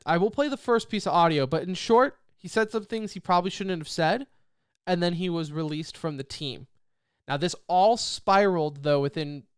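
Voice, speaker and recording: Podcast co-host guy, kinda high clear voice, rambly and laughing, dry close mic. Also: no echo. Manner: animated, laughs often, rambling restarts. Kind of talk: casual esports podcast chat.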